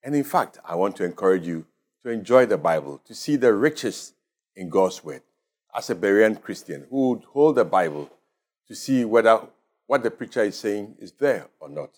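A male pastor with a Ghanaian English accent delivers a radio sermon in a lowish voice. He speaks in measured, emphatic phrases and lifts his pitch on the words he wants to land. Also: expressive, a little mellow. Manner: measured, emphatic preaching with rising stresses.

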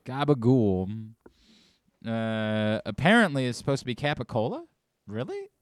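A man's voice: medium pitch, wildly swooping pitch, normal speed, fairly bright tone, no room sound, studio quality. A man hosting a radio show, chatting casually and reading contest promos with rising enthusiasm. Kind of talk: casual sports radio chat.

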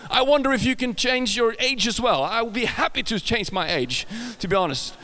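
Chatty Swedish-accented preacher, high voice. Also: male voice, lively intonation, fairly quick, sharp tone, long reverb tail. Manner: chatty, self-correcting, jokes with the audience. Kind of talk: casual sermon.

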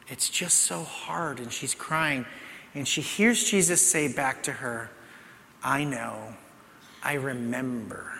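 Man preaching in a reverberant hall. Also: a little high. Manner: conversational preaching, dropping to soft hushed tones for emphasis. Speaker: pastor. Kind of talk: sermon. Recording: long reverb of a large hall.

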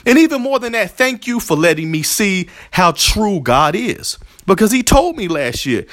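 A man's voice: high-pitched, big pitch swings, moderate pace, few pauses, fairly bright tone, no room sound, studio quality. A man hosting a religious podcast, talking in an emotional, preacherly way and repeating himself as he thanks his listeners. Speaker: podcast host. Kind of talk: heartfelt religious podcast talk.

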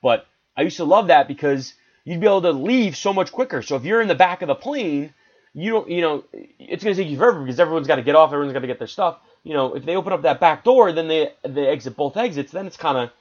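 A man's voice: on the high side, expressive, fast. Chatty rambling man telling a travel story. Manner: chatty, rambling, self-deprecating with frequent asides. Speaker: podcast host. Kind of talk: casual storytelling monologue. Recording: slightly dull lo-fi audio.

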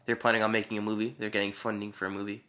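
Bright, teasing teenage guy. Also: fairly low pitch, flat delivery, racing. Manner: teasing, sarcastic banter. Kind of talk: casual chat.

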